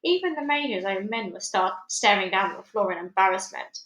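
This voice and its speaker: A woman reading a children's book aloud to listeners in a friendly, expressive way. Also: mid-range voice, fairly quick, hardly any pauses, roomy sound, rough recording. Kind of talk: read-aloud storytelling.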